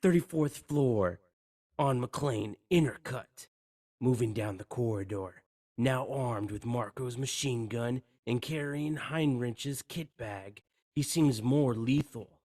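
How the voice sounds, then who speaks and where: A man's voice: medium pitch, slow, a little mellow, no room sound, studio quality. A man co-hosting a podcast, reading screenplay action lines aloud and stumbling over words. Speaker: podcast co-host.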